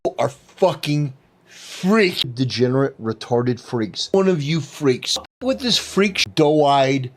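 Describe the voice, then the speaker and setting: A man's voice: mid-range voice, lively intonation, slow pace. A man ranting in online commentary clips, spitting out contemptuous insults in short bursts. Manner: contemptuous, clipped name-calling. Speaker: YouTube commentator. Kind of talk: supercut of online commentary rants.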